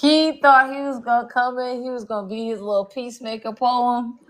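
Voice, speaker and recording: A woman's voice: fairly high pitch, steady tone, normal speed, fairly bright tone. A woman on a podcast panel, emphatic and repeating herself for effect. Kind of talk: casual group chat.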